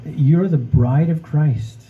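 A man's voice: a little high, slow, phone-quality sound, slight background noise. A man preaching a sermon in a conversational way, often checking in with "okay?" and addressing the congregation as friends. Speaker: pastor.

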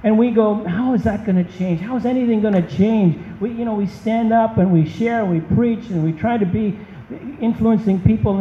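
A man's voice: high voice, normal speed, mellow, slight background noise. A man preaching a sermon as a pastor, emphatic and impassioned. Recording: dull, echoey hall.

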